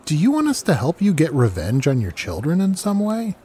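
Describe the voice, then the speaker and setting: A man's voice: on the high side, huge pitch swings, a little fast, warm tone, slightly rough. A man hosting an improv comedy show, asking playful, rambling questions. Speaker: host.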